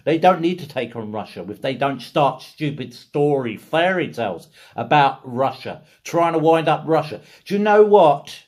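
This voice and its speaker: A man's voice: fairly high pitch, lively intonation, normal speed, hardly any pauses, darkish tone. A man from England ranting in a casual monologue, full of rhetorical questions and repeated phrases. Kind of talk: casual political rant.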